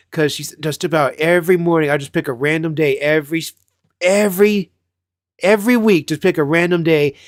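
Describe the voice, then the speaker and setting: A man's voice: a little high, no room sound, clean studio sound. A man hosting a casual chat, telling rambling childhood stories with lots of swearing and laughing at himself. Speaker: channel host.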